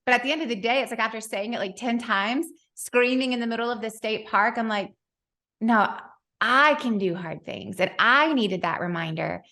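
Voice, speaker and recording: Woman podcast host, 30s, bright and forceful voice, animated storyteller who laughs often. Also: a little high, fairly quick, few pauses. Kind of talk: casual interview chat.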